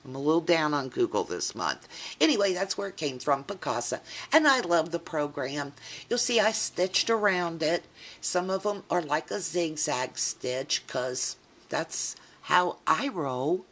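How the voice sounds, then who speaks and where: A woman's voice: low-pitched, animated, a little slow, a bit bright. A middle-aged woman chatting casually as she shows her scrapbook pages, rambling and poking fun at herself. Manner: chatty, self-deprecating, rambling asides. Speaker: scrapbooking vlogger. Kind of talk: casual show-and-tell chat.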